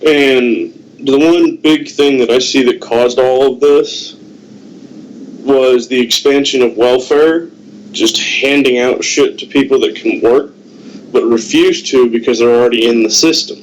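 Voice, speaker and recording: A middle-aged man from the United States, a guest on a Skype call, giving blunt, deliberate political opinions. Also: mid-range voice, slight background noise, poor audio. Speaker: guest, host's father.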